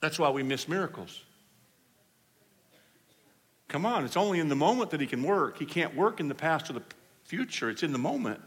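A man preaching a sermon, telling healing stories in an animated way and acting out the people he quotes. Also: fairly high pitch, moderate pace, pauses often, slightly rough. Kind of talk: storytelling sermon. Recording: hall reverb.

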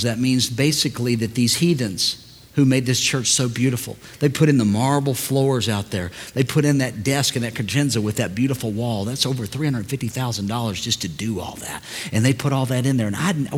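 An older man, a pastor, telling stories in a sermon, moving from quiet asides to loud preaching. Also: mid-range voice, brisk, husky, long reverb tail. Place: large church hall.

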